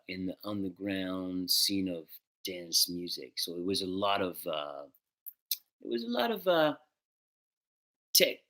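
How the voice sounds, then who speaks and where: A man hosting a casual music livestream, greeting viewers by name in a relaxed, chatty way and slipping into French and Spanish greetings. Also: low-pitched. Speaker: musician hosting a live stream.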